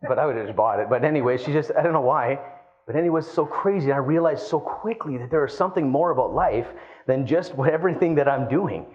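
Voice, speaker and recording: Male keynote speaker, slightly high voice, animated storyteller, muffled lo-fi capture. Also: quick pace. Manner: animated storytelling, addresses the crowd as guys. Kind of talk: live keynote speech.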